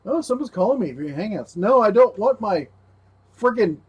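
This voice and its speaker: A man's voice: sits high, big pitch swings, normal speed, slightly rough, dull audio. A man hosting a livestream while rebuilding a computer, chatting casually, talking to his parts and his dog. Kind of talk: casual live tech narration.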